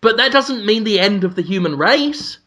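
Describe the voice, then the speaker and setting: High, bright-voiced man spinning absurd schemes. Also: lively intonation, normal speed. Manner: spins absurd mock-grand schemes with a straight face. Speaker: podcast co-host. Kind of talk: comedic podcast banter.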